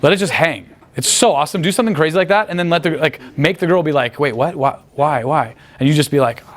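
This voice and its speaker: This male guest, speaking rapid-fire in a voice on the high side, boasts crudely about picking up women during a casual interview. His stories ramble and are full of profanity.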